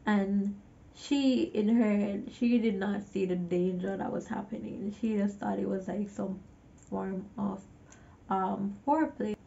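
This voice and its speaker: A woman's voice: medium pitch, steady tone, measured pace, creaky, mellow, lo-fi sound. A woman giving a casual movie recap, chatty, with exasperated asides to the viewer. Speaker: movie reviewer.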